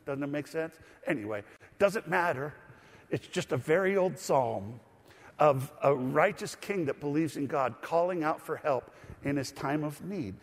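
A man's voice: fairly high pitch, animated, a little slow. A man preaching a sermon as pastor, teaching and asking the congregation to read along. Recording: long hall reverb.

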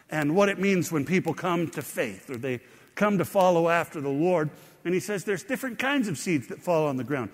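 A man's voice: a little high, in a large hall. A middle-aged man preaching a sermon as a pastor, conversational with rising emphasis.

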